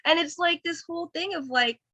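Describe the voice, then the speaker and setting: A woman's voice: very high voice, a little fast, bright, forceful tone. A woman in her thirties, a podcast guest chatting casually and candidly, full of fillers and restarts, acting out her own past thoughts. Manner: rambling, many fillers and restarts. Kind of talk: casual conversation.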